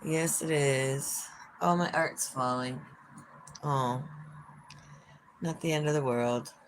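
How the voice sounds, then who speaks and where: Speaking slowly in a rumbling low voice, a woman with a Minnesotan accent hosts a home livestream by an open window. She's from Minnesota and chats casually with viewers, sarcastic and frank with her swearing, over slight background noise.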